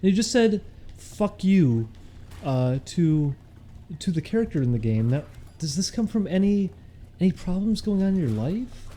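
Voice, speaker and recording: A man's voice: high-pitched, very animated, unhurried, dark tone, pitched above the performer's own voice, heavily acted. A man putting on the voice of a prying, patronizing male therapist who questions in a mock clinical tone.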